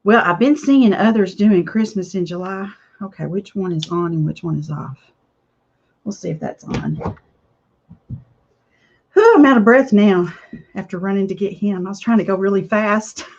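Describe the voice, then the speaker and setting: Working on a craft project, a woman vlogger chats to her viewers at a moderate pace in a mid-range, slightly mellow voice. She rambles from topic to topic, and the lo-fi recording has a slightly dull sound.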